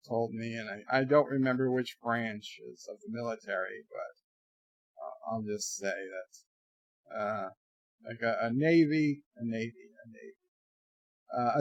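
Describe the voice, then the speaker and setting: Reading out viewer comments on a laid-back bedroom livestream, this American host jokes, rambles and breaks into lively asides. His voice sits in the mid range, with no echo in the audio.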